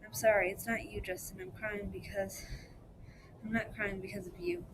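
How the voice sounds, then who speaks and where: A woman reading aloud, voicing a tearful teenage girl who speaks softly through her crying. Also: medium pitch, moderate pace, lightly acted. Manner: soft, quiet, crying speech. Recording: steady background noise.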